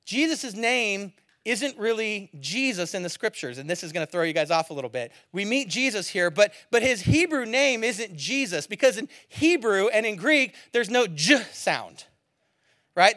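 A male pastor with a high, bright, forceful voice preaches in a loose, joking, conversational way. The sound is close and dry, with no room echo around it. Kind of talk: sermon.

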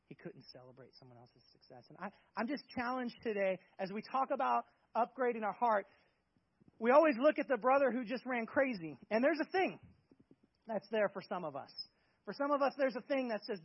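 A man preaches a sermon in an emphatic, conversational way, throwing out rhetorical questions. His voice sits high and sounds husky. The recording is dull and lo-fi. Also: expressive, brisk, dry recording. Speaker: pastor.

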